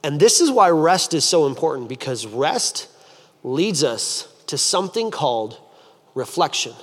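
A man preaching a sermon as a pastor, telling stories in an animated way and acting out the voices of the people in them. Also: fairly high pitch, measured pace. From United States. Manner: animated storytelling, acts out voices. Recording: long hall reverb.

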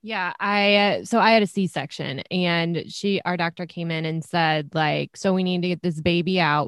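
A young woman co-hosts a relaxed chat. She speaks in a friendly, direct way with a fairly low voice. The sound is dry and close. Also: no echo. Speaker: podcast co-host. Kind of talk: casual chat.

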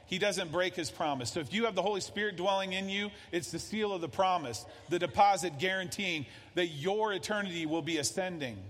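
A man's voice: high voice, a bit bright, in a large hall. A man preaching a conversational sermon as a pastor, often acting out little dialogues.

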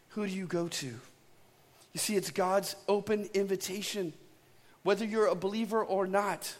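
Male pastor, conversational preacher, higher voice, live church reverb. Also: normal speed. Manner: conversational storytelling preacher, asks "right?" often. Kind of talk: sermon. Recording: long hall reverb.

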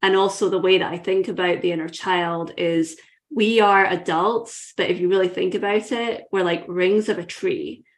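A woman in her thirties with a Scottish accent, speaking as an interview guest. She talks in an earnest, reflective way, and her voice sits a little low. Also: steady tone, moderate pace. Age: 30s. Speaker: guest coach. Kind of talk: reflective personal storytelling.

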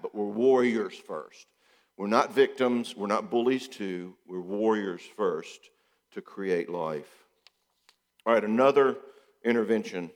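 A man, a counselor, giving a talk to an audience, animated and acting out bits of dialogue. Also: lowish voice, big-room sound. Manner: animated, acts out quoted dialogue.

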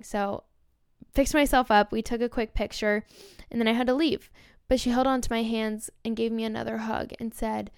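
A woman's voice: fairly high pitch, steady tone, fast, clear, resonant tone, no echo. Young woman podcaster, emotional gushing storyteller, dry close sound. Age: young adult. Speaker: podcast host. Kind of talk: casual storytelling monologue.

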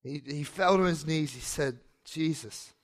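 A man's voice: on the high side, normal speed. A man preaching a sermon, retelling a story and acting out the characters' lines in different voices.

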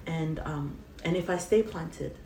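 A woman guest giving an earnest, halting faith testimony in an interview. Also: low-pitched, creaky, mellow. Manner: earnest, halting, tearful at times. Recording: roomy, distant, faint hiss.

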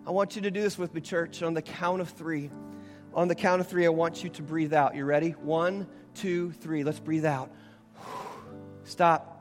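A young man preaching a sermon as pastor, moving from hushed storytelling to fervent, raised preaching. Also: on the high side, steady tone, moderate pace. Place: large church sanctuary with long reverb. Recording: reverberant church hall with faint music.

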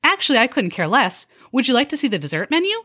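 A woman's voice: fairly high pitch, quick pace, breathy edge, pitched above the performer's own voice, exaggerated voice. A woman doing a sarcastic bubbly waitress. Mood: sarcastic chirpy. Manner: bubbly upselling patter with deadpan jabs. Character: chirpy, sarcastic young female restaurant server. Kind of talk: comedy skit.

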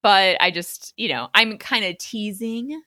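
A woman hosting a casual film discussion, chatty and animated with lots of fillers. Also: medium pitch, measured pace, dry recording, clean studio sound. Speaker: podcast host.

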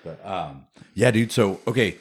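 A man's voice: on the low side, lively intonation, normal speed, slightly rough. A man hosting a podcast, chatting casually with a laid-back manner, heavy on "dude" and "like.". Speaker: podcast host, jiu-jitsu teammate. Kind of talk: casual chat.

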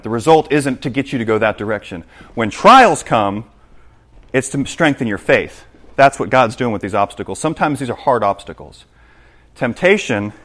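A man preaching a sermon in church, animated, acting out scenes and checking in with the congregation. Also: mid-range voice. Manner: animated, acts out scenes, asks the congregation "right?". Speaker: pastor.

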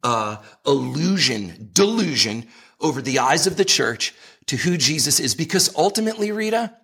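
A man's voice: on the high side, very animated, normal speed, gravelly, a bit bright, husky. A man being interviewed as a ministry leader, speaking in an earnest, emphatic way and leaning on scripture as he builds his point. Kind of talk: impassioned conversational preaching.

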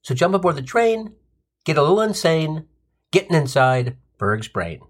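A man hosting a comedy show, telling sardonic stories in an animated way. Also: a little high, normal speed. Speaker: comedy podcast host. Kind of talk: comic storytelling monologue.

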